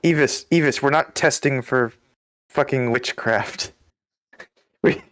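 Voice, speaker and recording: A man's voice: medium pitch, slow, a bit bright, dry recording. A man chatting with a streamer in a teasing way, laughing often. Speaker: co-host on stream. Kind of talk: casual banter.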